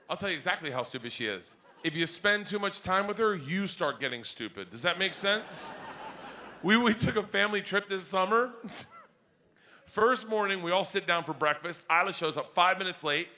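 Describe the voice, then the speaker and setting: A man's voice: high-pitched, bright, forceful tone. A middle-aged man doing rowdy, profane stand-up storytelling on a comedy stage.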